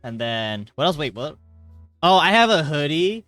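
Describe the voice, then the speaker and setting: A young man live-streaming from his hot bedroom, chatting casually and reading chat aloud, rambling and jokey with sudden loud greetings, and a little tired. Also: a little high, sing-song, normal speed, no room sound, faint music behind. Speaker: livestreamer.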